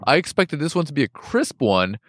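A man with a fairly high, lively voice chats casually on a podcast, laughing often and swearing freely. The sound is dry and close. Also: fairly quick, dry recording. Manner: laughs often, profane, animated. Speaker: podcast co-host. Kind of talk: casual beer review chat.

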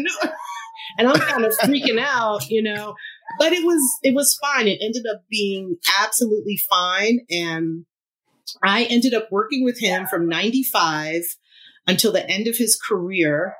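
A woman's voice: medium pitch, measured pace, slightly rough. A woman in her fifties, a musician guest, telling a story in a casual interview, laughing often and acting out the lines of other people. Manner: animated, laughs often, acts out quotes.

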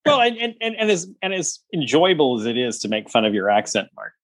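A man's voice: mid-range voice, very animated, fairly quick, no echo. A man hosting a casual podcast chat, teasing his guests with wry banter. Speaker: podcast host.

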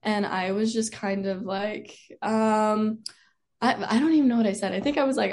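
A young woman tells a personal story as an interview guest. She chats casually, her voice sitting at an ordinary middle pitch, and she fills her sentences with "like" and frequent laughs. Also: steady tone, normal speed, darkish tone. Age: young adult. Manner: chatty, peppered with "like", laughs often. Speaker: guest, college cheerleader.

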